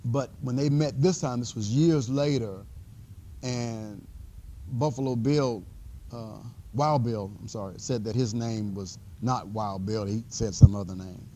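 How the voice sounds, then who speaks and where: A man teaching a math class in a classroom. He talks in a relaxed, conversational way and rambles into stories, restarting often and filling pauses. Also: medium pitch, slight background noise. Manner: rambling storyteller, frequent restarts and fillers. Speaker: math instructor. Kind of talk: classroom lecture.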